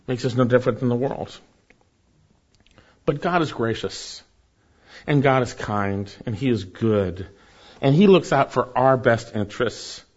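A pastor preaches with rising emphasis and soft, low drops. His voice sits at a middle pitch for a man. The recording is a little dull and muffled. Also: lively intonation, unhurried, pauses often. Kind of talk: sermon.

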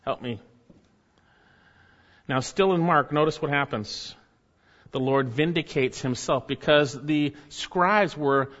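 Emphatic preacher in a dull echoing hall. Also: male voice, mid-range voice, fairly bright tone. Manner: emphatic, rises sharply when reading quotes. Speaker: pastor. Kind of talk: sermon.

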